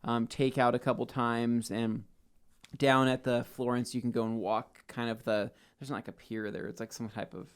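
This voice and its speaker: A man co-hosting a podcast tells a long story in casual chat, animatedly acting out the people in it with quoted voices. His voice is mid-range and clean, at normal speed.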